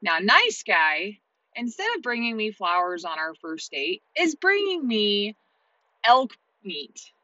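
Blunt, swearing woman with a bright voice. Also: on the low side, a little slow, dry recording, lo-fi sound. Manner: blunt, heavily profane, animated storytelling. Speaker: vlogger, single mother. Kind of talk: casual monologue to camera.

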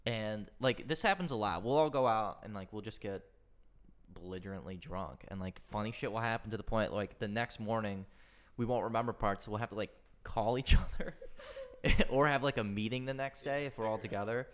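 A man's voice: lowish voice, fairly quick. A young man telling a story to friends casually, using lots of fillers. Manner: fills talk with "like".

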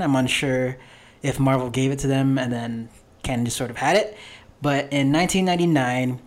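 A young man hosting a casual podcast, explaining at a relaxed pace with lots of fillers. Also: mid-range voice. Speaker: podcast host.

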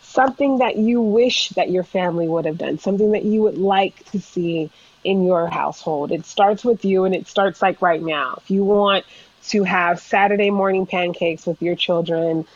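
A woman chef on a podcast, an animated storyteller who laughs often as she talks. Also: fairly low pitch, normal speed, dry recording, highs cut off. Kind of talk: casual interview chat.

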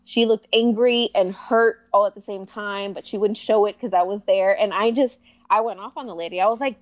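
A woman from a Spanish-speaking family telling a personal story in casual chat, heated and emphatic, slowing down to stress words. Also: medium pitch, fairly even intonation.

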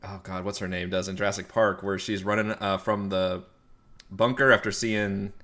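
A man's voice: low-pitched, level tone, normal speed, sharp tone. A man playing a tabletop game who jokes and laughs as he describes his character's actions. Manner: laughing, joking. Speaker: player. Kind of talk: casual chat at a tabletop game.

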